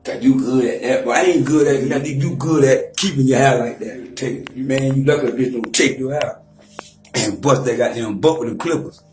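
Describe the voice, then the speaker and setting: A man's voice: medium pitch, moderate pace, a little mellow, reverberant, soft background music. A man in his forties trash-talking and taunting on a profane livestream rant, mock-rapping at times. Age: 40s.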